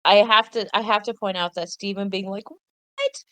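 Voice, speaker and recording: A woman's voice: mid-range voice, fairly even intonation, fairly quick, a bit bright, dry recording. A woman co-hosting a cartoon recap podcast, chatting with enthusiasm and stopping to correct herself mid-thought. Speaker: podcast co-host. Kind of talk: casual chat.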